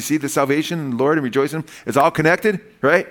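A man's voice: fairly high pitch, lively intonation, fast talker, few pauses, fairly bright tone. A male pastor preaching a sermon in a casual, folksy way, often saying "man" and telling jokes.

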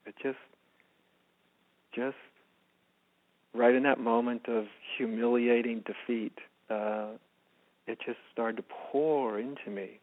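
American guy telling a personal story, soft and hushed, mid-pitched, sounds like a phone line. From United States. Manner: soft-spoken, often drops to a hushed voice. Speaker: spiritual teacher, guest.

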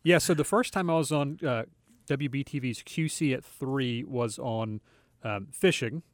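A man co-hosting a radio show from a studio, talking in a relaxed, easygoing way. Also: medium pitch, unhurried, no room sound. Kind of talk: casual radio chat.

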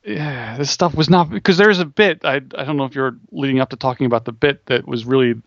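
A man's voice: mid-range voice, a little fast, a bit bright, no room sound, muffled recording. Rambling man in dry podcast chat. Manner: rambling, restarts sentences, thinks aloud. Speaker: podcast co-host.

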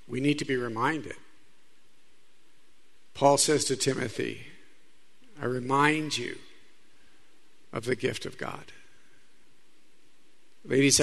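A man's voice: mid-range voice, gravelly, a bit bright. A man, a Catholic priest, preaching a sermon in a conversational style, telling stories and speaking asides to the audience.

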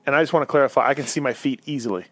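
A man's voice: mid-range voice, racing, a bit bright, dry recording. Dry-sounding teasing male host. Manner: teasing, laughs often. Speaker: show host. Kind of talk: casual podcast banter.

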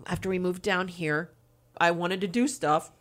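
A woman's voice: fairly low pitch, steady tone, moderate pace. A woman telling her personal faith testimony as an interview guest, earnest and candid.

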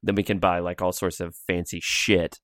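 A man's voice: low-pitched, level tone, normal speed, fairly bright tone, no room sound, clean studio sound. A man in his thirties co-hosting a casual podcast, rambling with frequent laughs into a pop-filtered mic. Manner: laughs often, rambling asides. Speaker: podcast co-host.

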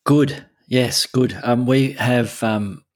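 A man's voice: medium pitch, slow pace, dry recording. A middle-aged man co-hosting a casual chat, hesitant, full of ums and restarts. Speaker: podcast co-host.

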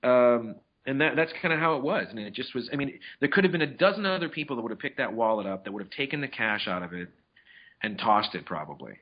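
Brief: husky-voiced male podcast host, casual rambling storyteller, muffled lo-fi audio. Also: mid-range voice, lively intonation, fast talker. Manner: rambling storyteller with many restarts, acts out quotes. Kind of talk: casual chat. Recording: dull lo-fi audio.

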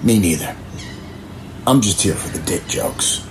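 A man with a very deep voice reads a scripted promo, deadpan and dry. His delivery swings widely in pitch, and music plays clearly behind him. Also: a little slow.

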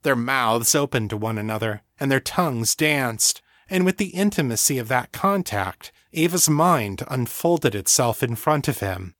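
Male narrator for a novel, unhurried and even, dry studio sound. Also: medium pitch, no echo. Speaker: audiobook narrator. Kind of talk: scripted narration.

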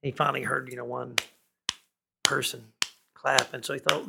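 A man's voice: mid-range voice, level tone, moderate pace, creaky, background noise. A man, a musician guest in a studio, telling rambling stories and laughing often. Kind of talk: storytelling in a relaxed conversation. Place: recording studio.

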